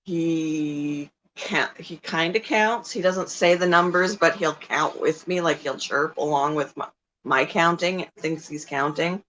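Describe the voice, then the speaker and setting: A middle-aged woman chats on her livestream about her animals. She rambles easily with plenty of ums and takes her time over every sentence. Her voice sits a little low for a woman. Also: measured pace, fairly bright tone, a little hiss or hum, rough recording. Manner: rambling, chatty, many ums. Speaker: livestream host and pet keeper. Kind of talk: casual livestream chat.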